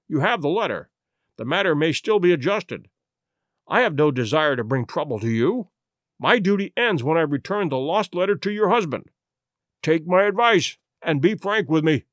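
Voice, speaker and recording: A man's voice: a little high, lively intonation, dry recording, clean studio sound, lightly acted. A man reading a commanding Victorian detective. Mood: firm. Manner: firm, measured, brisk when urgent. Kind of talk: audiobook reading.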